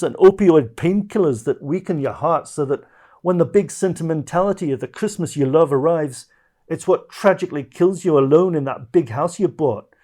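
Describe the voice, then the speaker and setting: A man's voice: on the high side, dark tone, voice pushed up. A man putting on a shaky Scottish accent to play a scornful man ranting through a bitter monologue. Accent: put-on Scottish. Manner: declamatory, scornful listing rant.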